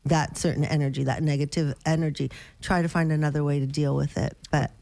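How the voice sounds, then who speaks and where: Middle-aged woman co-host, earnest and a bit preachy, slightly low pitch. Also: steady tone, fairly quick, gravelly, dark tone. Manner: earnest, preachy about kindness and tolerance. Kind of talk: casual chat.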